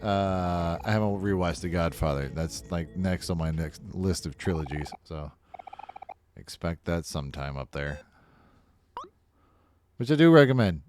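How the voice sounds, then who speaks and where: A man's voice: low voice, animated, unhurried, long pauses, a little mellow, soft background music. A man casually commentating his own game playthrough, rambling and swearing freely as he gives blunt opinions. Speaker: gaming video host. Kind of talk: casual let's-play commentary.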